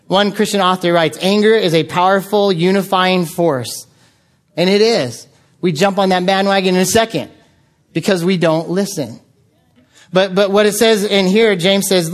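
A man preaching a sermon from the United States, telling stories in an animated way with frequent filler words. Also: high-pitched, normal speed. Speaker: pastor.

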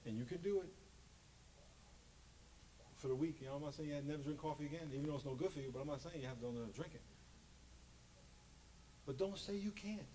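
Animated male pastor preaching. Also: on the high side, fast, long pauses, a little hiss or hum, poor audio. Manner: animated, jokey preaching with acted-out quotes. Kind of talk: sermon.

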